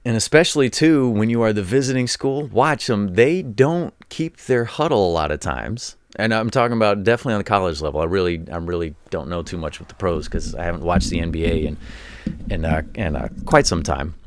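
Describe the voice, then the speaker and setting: Low-voiced man rambling about sports. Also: lively intonation, fairly quick, dry recording, clean studio sound. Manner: rambling, repeats words, acts out quoted voices; former college coach telling anecdotes. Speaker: show host. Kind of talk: casual commentary monologue.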